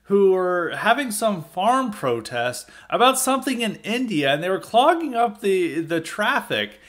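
A man's voice: high-pitched, very animated, measured pace, fairly bright tone. A man hosting a podcast, giving blunt, indignant opinion commentary with restarts and chuckles. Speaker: podcast host.

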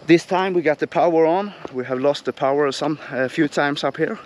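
Hoarse man chatting outdoors. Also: a little high, a little hiss or hum. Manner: relaxed, halting with restarts. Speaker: travel vlogger. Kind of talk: casual chat while hiking. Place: outdoors on a hilltop.

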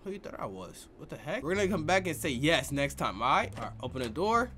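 A man giving excitable, joking gameplay commentary full of slang. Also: on the high side, quick pace, a little hiss or hum. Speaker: gaming youtuber. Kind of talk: let's play commentary.

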